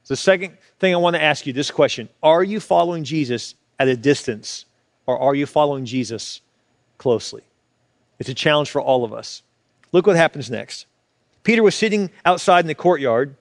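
A man preaching a sermon as a pastor, swinging from loud, urgent pleas to hushed, low asides, often repeating words as he builds. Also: dry recording, clean studio sound. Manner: repeats words and restarts when fired up.

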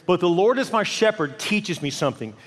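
A man who is a senior pastor, preaching a sermon in a church with animated delivery, acting out people's inner voices. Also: high-pitched, fairly quick. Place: large church hall. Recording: long hall reverb.

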